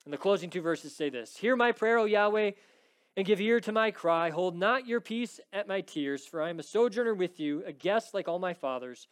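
A man's voice: sits high, animated, moderate pace, smooth. A man preaching an expository sermon, emphatic and rising to pleading intensity when quoting scripture, often checking in with "right?". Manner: frequent "right?" checks with the congregation. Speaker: pastor.

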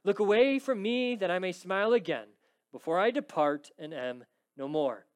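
A man's voice: high-pitched, expressive, moderate pace, clean tone. A man preaching an expository sermon, emphatic and rising to pleading intensity when quoting scripture, often checking in with "right?". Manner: frequent "right?" checks with the congregation. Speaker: pastor.

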